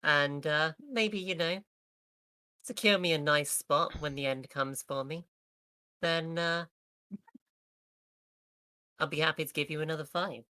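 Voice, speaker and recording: A woman playing a tabletop game, speaking hesitantly with many pauses and fillers. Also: low-pitched, sharp tone, no room sound. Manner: hesitant, sprinkled with "um" and "uh". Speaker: player. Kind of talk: in-character tabletop play.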